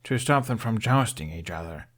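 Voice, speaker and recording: A man voicing an exasperated young Viking squire who shouts at his reckless friends. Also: fairly low pitch, lively intonation, normal speed.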